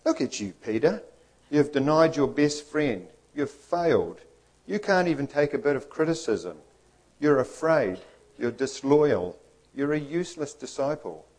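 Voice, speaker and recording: A man's voice: fairly high pitch, lively intonation, measured pace, darkish tone, pitched above the performer's own voice, rough recording. A man voicing a nagging male inner voice that belittles and condemns. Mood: scornful. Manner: accusing, belittling.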